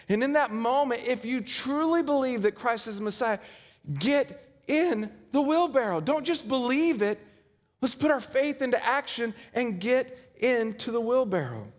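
High-voiced male preacher in a reverberant hall. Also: animated, normal speed. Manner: storytelling, dramatic swings from loud to hushed. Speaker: pastor. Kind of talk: sermon.

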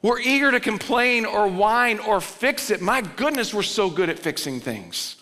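A man preaching a sermon as pastor, swinging between loud urgent pleading and low, quiet emphasis. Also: expressive, measured pace. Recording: long reverb of a large hall.

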